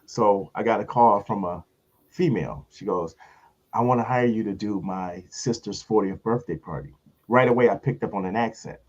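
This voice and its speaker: A man, a comedian hosting a casual show and telling a story, acting out other people in high voices. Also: moderate pace, dull audio. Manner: animated storyteller, acts out voices in high pitch.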